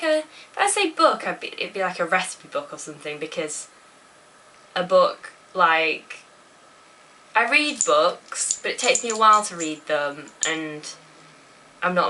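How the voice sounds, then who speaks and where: Young woman, chatty and giggly, rambling, slightly lower bright voice, recorded a bit off-mic. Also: recorded from a distance, a little hiss or hum, low-quality recording. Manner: giggly, rambling, lots of fillers. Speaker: vlogger answering viewer questions. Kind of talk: casual Q&A chat. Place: home bedroom.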